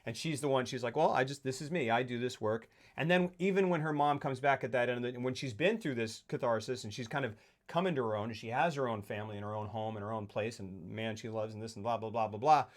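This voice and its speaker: A man co-hosting a casual film discussion, animated and acting out quotes in put-on voices. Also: medium pitch, fast. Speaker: podcast co-host.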